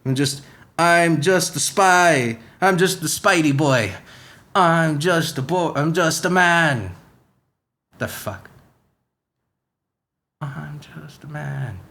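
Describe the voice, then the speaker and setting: A man's voice: fairly high pitch, very animated, moderate pace, a bit bright. A man playing Spider-Man as a profane, rambling superhero in a comedy podcast rant, firing off rhetorical questions in a put-on accent that keeps slipping. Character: brash profane young male superhero, ranting.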